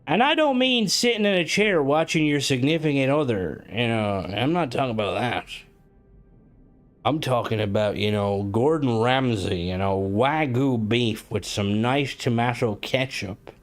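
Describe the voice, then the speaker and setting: A man's voice: mid-range voice, animated, a little slow. Rambling, cursing male streamer. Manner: rambling, swears, many fillers and restarts. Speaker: game streamer. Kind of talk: casual live-stream chat.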